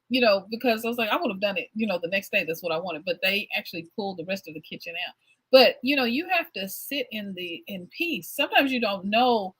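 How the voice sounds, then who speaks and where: A woman host talks with a bright, forceful voice that carries some huskiness. She chats casually and affirms her guest, laughing now and then. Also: mid-range voice, husky, low-quality recording. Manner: warm, affirming, laughs often. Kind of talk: casual interview chat.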